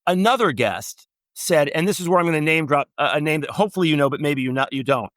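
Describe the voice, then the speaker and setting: A middle-aged man, a travel writer guest, telling long anecdotes and quoting people in animated storytelling. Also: on the high side, fast, no echo. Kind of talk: storytelling interview.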